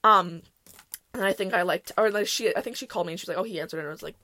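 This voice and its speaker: A young woman hosting a podcast, telling chaotic stories from school in a casual, animated way, acting out the people she quotes. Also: lowish voice, rapid-fire. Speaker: podcast host. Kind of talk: casual storytelling.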